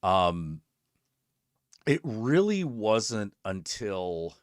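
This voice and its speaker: A lower-pitched man hosting his stream, telling a story in a loose, profane way. His pitch swings widely as he acts out both sides of conversations and jumps to high exclaims. The sound is close and dry, with no room around it. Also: sing-song, extremely slow, dry recording. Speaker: streamer host. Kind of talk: casual storytelling chat.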